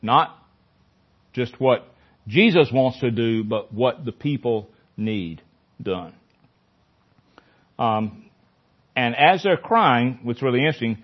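A man's voice: mid-range voice, expressive, takes it slowly, pauses often. A man leading a Bible study in a conversational teaching style, often repeating phrases for emphasis. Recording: dull lo-fi recording.

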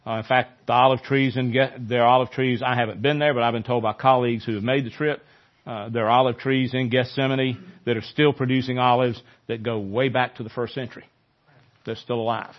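Male pastor, mid-pitched, conversational sermon delivery, mildly lo-fi recording. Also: fairly quick. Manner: conversational, animated when quoting scripture.

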